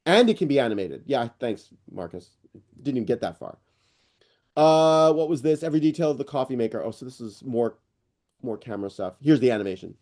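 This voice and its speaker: A middle-aged man hosting an online AI news session, rambling and excitable, with lots of fillers and restarts. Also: medium pitch, fairly quick. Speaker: host presenting AI news. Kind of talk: casual screen-share walkthrough on a live call.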